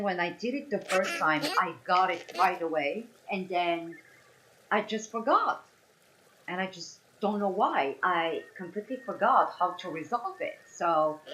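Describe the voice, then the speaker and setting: On a live stream, a young woman from France chats casually while tackling a coding puzzle, her French accent and lowish voice heard over background noise. She talks through every step and tends to apologize.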